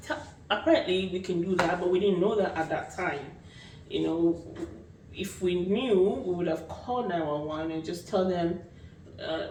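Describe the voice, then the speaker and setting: A young woman tells a personal story in a lively, casual way, leaning on fillers as she talks. Her voice carries from a distance in an echoey room, with faint ambient noise under it. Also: lowish voice, slow pace, long pauses. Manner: animated, full of fillers. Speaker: vlogger.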